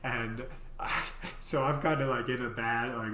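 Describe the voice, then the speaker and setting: A man's voice: medium pitch, steady tone, unhurried, pushed and bright, a little hiss or hum. A man telling a casual story to his vlog audience, rambling with lots of filler words. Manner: rambling, heavy on "you know" fillers. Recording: roomy echo.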